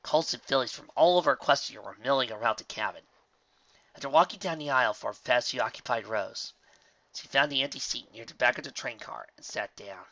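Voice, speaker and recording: Man narrator, expressive storybook reader, dry lo-fi sound. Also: medium pitch, fairly quick, no echo. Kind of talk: fan fiction audiobook narration.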